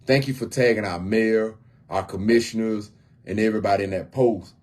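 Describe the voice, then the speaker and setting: A man with a low, husky voice speaks on a casual livestream from home. He talks earnestly and circles back, repeating his phrases as he goes. His tone stays plain and personal. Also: normal speed, darkish tone. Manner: earnest, repeats himself often. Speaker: homeless outreach volunteer.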